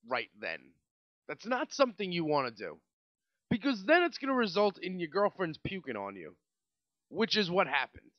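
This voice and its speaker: A New York man in his late twenties hosts a podcast, telling a rambling, profane story in a casual, animated way. His voice is high-pitched, and the sound is lo-fi with no room sound.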